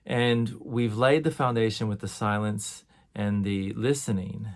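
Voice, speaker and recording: A middle-aged man teaching a course on sound healing in a relaxed, conversational way. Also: on the low side, measured pace. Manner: relaxed and conversational, demonstrates sighs and tones.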